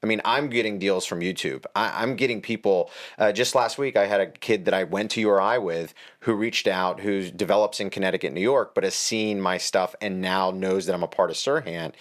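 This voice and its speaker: A man's voice: deep voice, fairly quick, hardly any pauses. A man who works as a real estate agent, speaking confidently and upbeat as a guest in a podcast interview.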